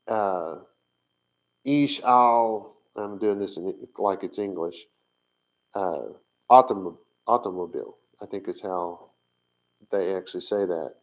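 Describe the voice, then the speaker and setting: A man giving an informal teaching talk on camera, thinking aloud with many pauses and fillers as he searches his notes. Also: low-pitched, steady tone, muffled recording. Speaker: Bible language teacher.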